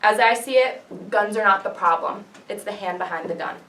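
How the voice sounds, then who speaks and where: A woman's voice: mid-range voice, brisk, a bit bright. A young woman delivers a persuasive class speech in an earnest, declamatory way, asking rhetorical questions. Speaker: student giving a class speech. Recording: echoey classroom from far off.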